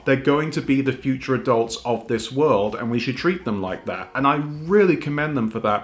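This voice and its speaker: Earnest young British man reviewing. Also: medium pitch. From United Kingdom. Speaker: YouTube reviewer. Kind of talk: video review commentary.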